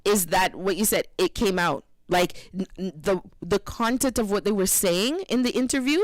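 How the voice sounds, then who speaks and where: A woman co-hosting an internet radio show, chatting casually and telling stories in an animated way. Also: mid-range voice, normal speed, no echo.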